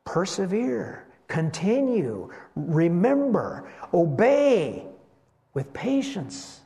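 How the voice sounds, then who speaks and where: A man delivers a sermon with a lively, high-pitched voice that swoops up and down. He often slows almost to a halt to stress single words. The sound carries a long reverberant hall tail. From West Michigan. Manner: animated preaching, slows for emphasis. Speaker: pastor.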